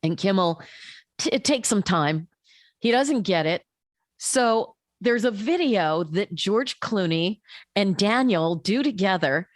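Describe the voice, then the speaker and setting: A woman co-hosting a podcast, telling stories in a casual, animated way with many fillers. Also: medium pitch, takes it slowly, no room sound, clean studio sound. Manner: animated, lots of fillers and restarts. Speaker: podcast co-host. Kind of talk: casual chat, storytelling.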